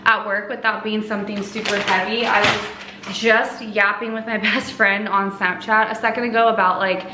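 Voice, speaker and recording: This is a young woman in her twenties doing a chatty vlog from home, talking through her routine with frequent "like" and little laughs. She speaks at normal speed in a level, mid-range voice, and the indoor space is reverberant with a noisy background.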